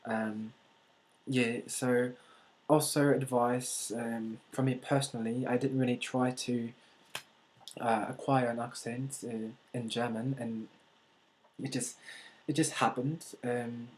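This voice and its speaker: An American man giving a casual vlog monologue, talking in a thoughtful, halting way and repeating words as he thinks. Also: medium pitch, little pitch movement, low-quality recording. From United States. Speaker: language-learning vlogger.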